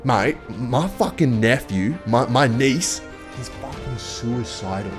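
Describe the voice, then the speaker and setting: A man voicing a drunk, rambling stranger in a pub, with a slow, mumbling, slurred delivery. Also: medium pitch, lively intonation, music in the background. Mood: drunk, bitter.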